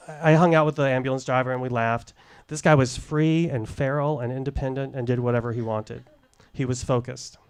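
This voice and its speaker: A middle-aged man telling a candid personal story at a live showcase, deliberate and wry, into a stage microphone. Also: medium pitch, smooth. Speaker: storyteller, former case manager.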